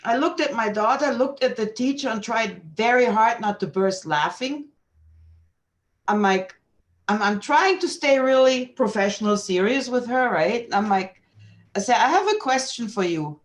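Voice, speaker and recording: A woman guest in a casual video chat, telling stories in an animated way, swearing freely and laughing often. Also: fairly high pitch, measured pace. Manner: laughs often while talking.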